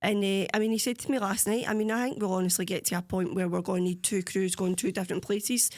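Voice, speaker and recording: Animated Scottish woman, close dry mic. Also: mid-range voice, fast, no echo. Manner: animated storytelling, swears freely, imitates others. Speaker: podcast co-host. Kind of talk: casual chat.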